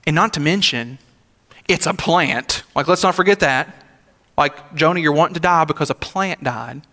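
A man's voice: on the high side, moderate pace, sharp tone. A young adult man, a senior pastor, preaching a sermon in a conversational, emphatic way with rhetorical asides. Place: church sanctuary. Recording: long hall reverb of a church sanctuary.

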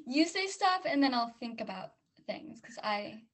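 A woman's voice: fairly high pitch, lively intonation, a little slow. A woman co-hosting a podcast in casual chat, hesitant and self-conscious, often trailing off. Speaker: podcast co-host.

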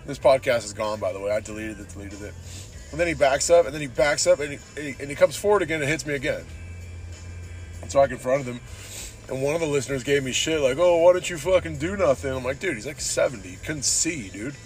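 A man from San Diego rants through a casual podcast while driving, rambling and profane, dropping "dude" into nearly every thought. His voice sits in an ordinary middle register. Soft music plays faintly behind him. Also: mid-range voice, lively intonation, fast talker. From San Diego, Southern California. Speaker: podcast host.

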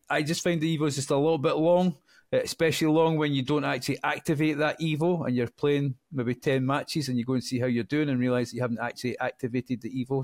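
A man's voice: on the high side, no echo. A man co-hosting a casual podcast chat, easygoing and joking. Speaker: podcast co-host.

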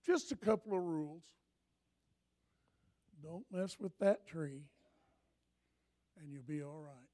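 A man preaching a sermon in an animated, impassioned way, often breaking into shouts. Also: on the high side, takes it slowly, long pauses.

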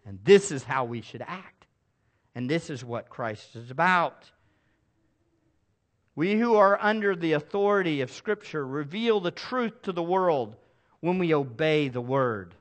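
Emphatic, animated male preacher. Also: high-pitched. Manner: emphatic preaching with call-and-response to the congregation. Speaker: pastor. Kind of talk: sermon. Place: church service with a congregation.

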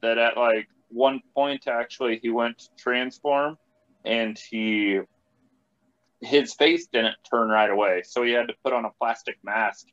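Hesitant man, halting casual talk. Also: mid-range voice, fairly even intonation, a bit bright. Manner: hesitant, halting, lots of restarts. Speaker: podcast regular. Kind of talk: casual chat. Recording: dull lo-fi sound.

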